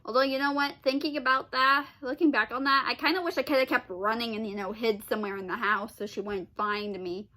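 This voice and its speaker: High, bright-voiced woman telling a rambling story. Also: fairly even intonation, brisk, few pauses. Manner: rambling with many restarts and exasperated sighs and "ugh"s. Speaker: vlogger. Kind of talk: casual storytelling.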